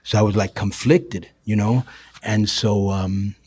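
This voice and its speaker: Husky low-voiced man telling stories. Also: steady tone, a little slow, darkish tone, no echo. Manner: profane, says "bro" and "you know" often. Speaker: guest. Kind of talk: casual storytelling.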